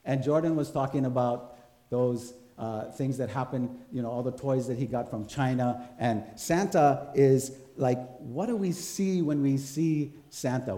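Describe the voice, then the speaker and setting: A man preaching in a relaxed, storytelling way, often turning to the congregation for a nod. His voice is warm and mellow. The sound carries a roomy echo from the church around him. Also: mid-range voice. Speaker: pastor. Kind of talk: conversational sermon.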